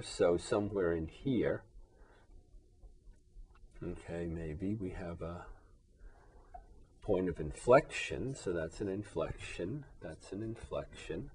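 A man's voice: low voice, darkish tone, slightly rough. A man teaching calculus to a class at the board, often asking the students "right?" and "all right?" as he works through the example. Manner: checks in often with rhetorical questions; moves about the board, voice fading as he turns away. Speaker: math teacher. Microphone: camera in the room.

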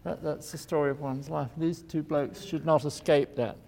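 An older architect giving a loose, wry lecture and chuckling at his own asides. His somewhat high voice has a gravelly edge. It carries a long echo from a lecture hall. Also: fairly even intonation, moderate pace, darkish tone. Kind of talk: informal public lecture.

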